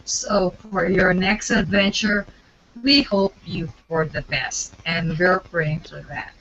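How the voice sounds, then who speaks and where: A woman's voice: fairly low pitch, fairly even intonation, slow, gravelly, fairly bright tone, muffled recording. A woman on a casual video call, effusive and affectionate as she signs off. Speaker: panel guest.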